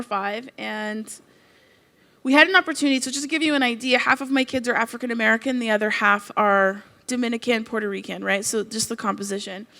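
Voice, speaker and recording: A middle-aged woman from Canada giving a conference keynote, telling stories in a conversational, expressive way. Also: a little high. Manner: expressive storytelling, conversational with frequent "like". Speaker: keynote speaker.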